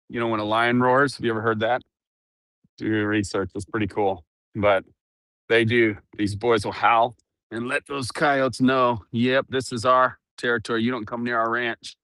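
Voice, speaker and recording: A man's voice: medium pitch, pushed and bright, no room sound, clean studio sound. A middle-aged man chatting casually through an earbud mic while walking around his ranch outdoors, laughing often and cooing at his dogs. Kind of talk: casual walk-around vlog.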